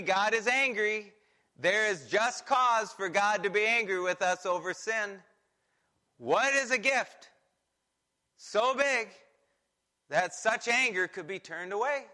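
A man's voice: high-pitched, slow, sharp tone. A man preaching a sermon as a pastor, in a conversational way that acts out quoted voices.

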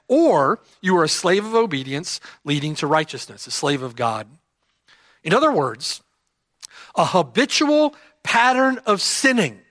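A man's voice: sits high, sharp tone, dry recording. A man preaching an expository sermon, emphatic and repeating key phrases for stress. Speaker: pastor.

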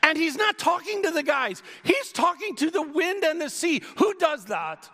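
A man preaching a sermon in a lively way, sometimes raising his voice to a shout for key lines. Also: very high voice, moderate pace. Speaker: pastor. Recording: long hall reverb.

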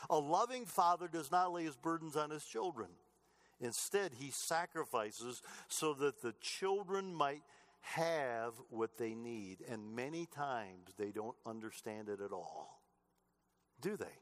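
A middle-aged man preaching a sermon, telling family stories earnestly, moving between loud emphatic lines and soft, low asides. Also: animated, unhurried. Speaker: pastor.

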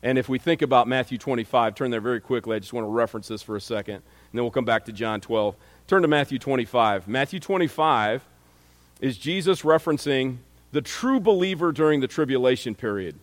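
A man's voice: mid-range voice, a little fast, long reverb tail. A man preaching a sermon in a conversational way, reading scripture aloud and often restarting his sentences.

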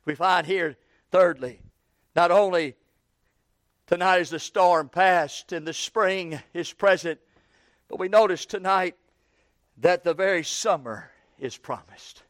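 A man preaching a sermon, moving from hushed low phrases to loud ecstatic climaxes. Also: slow, pauses often, no echo.

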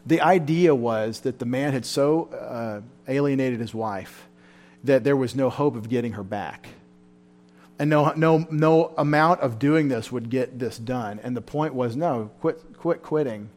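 A man preaching a sermon at a Bible study, fervent and emotional, his voice rising loud and then dropping back. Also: medium pitch, a little slow. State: tired. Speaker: pastor.

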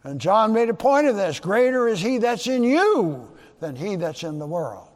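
A man preaching a sermon as pastor, emphatic, his voice leaping up loud for rhetorical questions. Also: high-pitched, very animated, normal speed. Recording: long reverb of a large hall.

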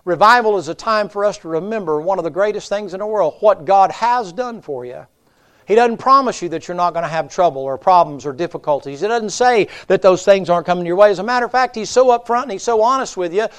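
A man's voice: high-pitched, fast, clean tone. A man preaching a folksy revival sermon, telling Bible stories and acting out the voices. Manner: homespun storytelling, acts out voices in Bible stories. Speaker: guest preacher. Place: church sanctuary.

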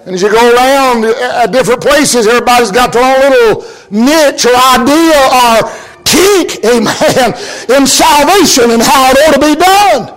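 A man preaching a fervent sermon, often shouting, with frequent amens and laughs. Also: very high voice, normal speed.

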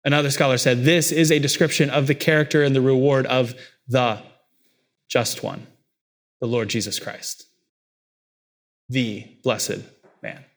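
A man preaching a sermon as pastor, his delivery swinging between quiet, heavy low stretches and raised, emphatic lines. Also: fairly even intonation, measured pace, pauses often.

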